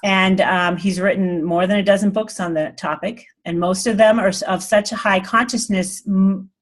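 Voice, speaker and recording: A woman's voice: medium pitch, steady tone, moderate pace. A woman hosting an online group call, talking casually and reading aloud, emotional and laughing often. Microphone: video call.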